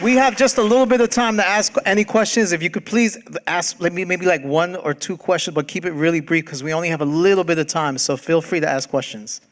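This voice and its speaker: A man speaking on a panel, telling stories in a slangy, animated way. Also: high voice, fast talker, hardly any pauses. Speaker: panelist, documentary director. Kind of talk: casual panel talk. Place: event hall with audience.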